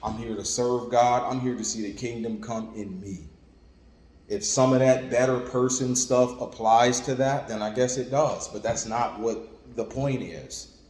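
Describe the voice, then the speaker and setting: A man's voice: medium pitch, a little slow, darkish tone. A man preaching an informal sermon in a conversational, repetitive way, with lots of "like" and "you know what I'm saying". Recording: echoey room with long reverb and faint ambience.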